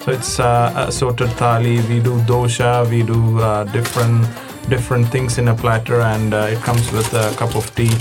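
A man who runs a restaurant, speaking as a guest in a casual interview, pausing often with fillers. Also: mid-range voice, monotone, music in the background. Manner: hesitant, full of fillers.

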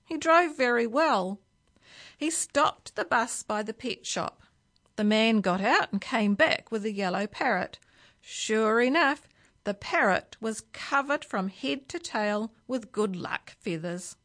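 A woman reading a children's story aloud for a library, with slow, expressive storytelling. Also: on the high side. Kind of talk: reading a picture book aloud.

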